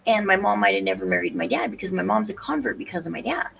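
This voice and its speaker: A woman talks casually to her stream, wandering through her thoughts and often restarting sentences. Her voice has a gravelly fry to it. She sits some way from the mic, with faint noise in the background. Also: mid-range voice, animated, fast, far from the mic. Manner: rambling, hesitant, restarts and fillers. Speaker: podcast host. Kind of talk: casual solo livestream talk.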